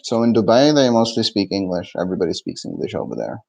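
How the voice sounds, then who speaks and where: A young Egyptian man teaching his language on a live stream, answering viewer questions in a relaxed way and often laughing. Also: fairly low pitch, fast talker, vocal fry, rough recording. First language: Egyptian Arabic.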